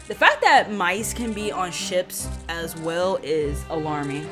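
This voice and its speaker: A woman's voice: fairly low pitch, lively intonation, slow, few pauses. A woman giving casual, chatty commentary on a game playthrough, with frequent laughing asides, over game music. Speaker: let's player.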